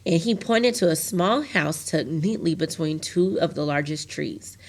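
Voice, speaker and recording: A woman reads a children's novel aloud in a steady, plain storytelling voice, a little low in pitch. She makes the odd small slip and corrects herself as she goes. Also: a little slow. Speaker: teacher reading to a class. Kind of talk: reading a novel chapter aloud.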